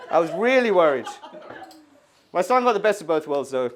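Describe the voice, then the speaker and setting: Lively man doing stand-up. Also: on the high side, normal speed, slight background noise. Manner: animated storytelling, acting out voices and screaming kids. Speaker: stand-up comedian. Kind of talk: stand-up set. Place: art gallery before a live audience. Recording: live room with audience laughter.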